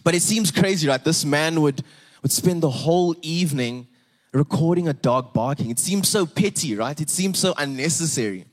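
A man's voice: a little high, expressive, normal speed. A young man with a South African English accent, preaching a sermon in a conversational way, often restarting and checking in with "right?".

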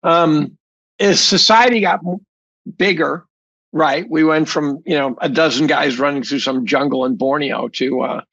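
Blunt, gravelly-voiced man guest. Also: fairly high pitch, measured pace, a bit bright, dry recording, dull audio. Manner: blunt, emphatic, many restarts and repeats. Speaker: guest, chemistry professor. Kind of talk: opinionated conversational interview.

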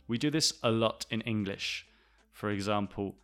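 A male English teacher explaining pronunciation, slow and deliberate, repeating phrases to demonstrate them. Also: on the low side, bright, forceful tone, soft background music. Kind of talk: language lesson explanation.

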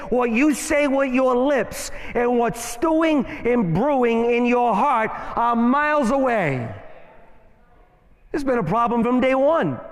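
A man preaching a sermon as a guest speaker in a church, emphatic and playful, with rhythmic rhyming phrases. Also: very high voice. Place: church sanctuary. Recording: long hall reverb in church.

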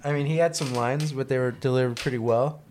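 A man's voice: mid-range voice, fairly even intonation, fast talker, darkish tone, slight background noise. A man in a casual film-review chat, dry and teasing.

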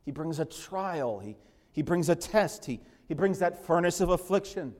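A man pastor preaching an expository sermon in a church, telling the story with lively voices and an occasional laugh. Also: a little high, normal speed. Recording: long hall reverb.

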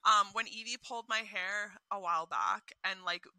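Bright, lively woman in close, dry sound. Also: mid-range voice, moderate pace, dry recording, low-quality recording. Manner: lively, blunt, emphatic, laughs often. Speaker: podcast co-host. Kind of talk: casual chat.

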